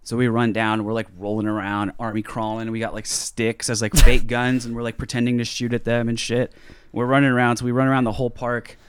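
A man's voice: mid-range voice, brisk, clean tone, dry recording. Profane storytelling man, dry sound. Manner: profane, rambling, animated storyteller. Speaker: podcast co-host. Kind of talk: casual storytelling chat.

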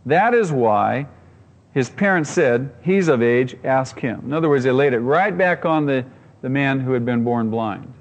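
A man's voice: medium pitch, animated, normal speed, big-room sound, lo-fi sound. A man preaching a sermon as pastor, earnest and emphatic, often repeating his phrases.

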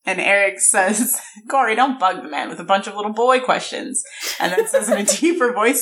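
Young woman podcast co-host, chatty recapper who drops her voice for quoted lines. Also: normal speed. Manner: animated retelling, quoting characters in lowered voices. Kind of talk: casual recap chat.

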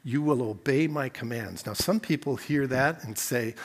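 A man preaching a sermon as pastor, dropping to quiet reflection and then rising to emphatic, repeated phrases. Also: medium pitch, moderate pace, hardly any pauses, husky.

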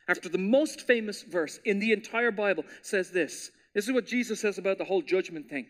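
A man preaching a sermon as pastor, animated and storytelling, acting out quotes with playful voices. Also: high voice, brisk, hardly any pauses.

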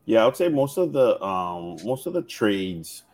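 A man talks casually in a fairly low voice. He asks probing questions, hesitating and filling pauses as he goes. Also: big pitch swings, a little mellow. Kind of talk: casual chat.

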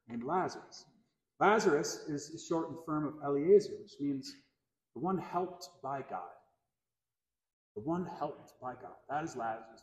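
High-voiced man preaching in an echoey church. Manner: earnest preaching, repeats phrases for emphasis. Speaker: pastor. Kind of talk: sermon. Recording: echoey church hall, long reverb.

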